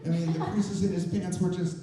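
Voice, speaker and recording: Male live storyteller, higher register, warm tone, animated and chatty, distant mic in a very echoey hall. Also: fairly quick. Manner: animated, conversational, builds suspense. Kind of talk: live personal storytelling on stage. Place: stage in a performance venue.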